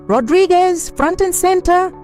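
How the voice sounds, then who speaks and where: Guy doing a mean drill sergeant, yelling up high, sneering, lively swings. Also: brisk. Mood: barking, mocking. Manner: barking, scornful. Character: harsh mocking male drill sergeant. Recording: soft music behind.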